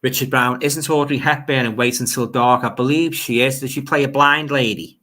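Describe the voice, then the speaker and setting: At a normal speed, a Liverpool-accented man with a pushed, bright mid-range voice runs a laid-back livestream. He goes through viewer comments, rambling as he talks and often saying words twice.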